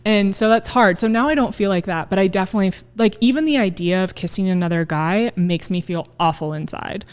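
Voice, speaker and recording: Woman, thirties, podcast guest, candid casual chat, swears freely, acts out quoted thoughts, mid-pitched voice. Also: a little fast, clean tone.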